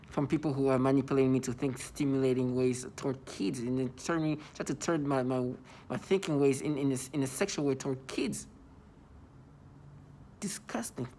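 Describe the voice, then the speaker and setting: A man's voice: mid-range voice, a little mellow, slight background noise. A man in his thirties delivering an agitated vlog monologue, repeating himself and stumbling over restarts. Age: 30s. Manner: agitated, repetitive, stammering restarts.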